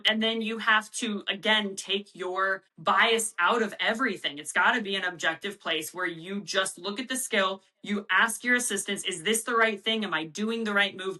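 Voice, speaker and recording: A woman's voice: medium pitch, pushed and bright, low-quality recording. A middle-aged woman, a volleyball coach, talking casually as an interview guest and acting out quotes from players and coaches in her own voice.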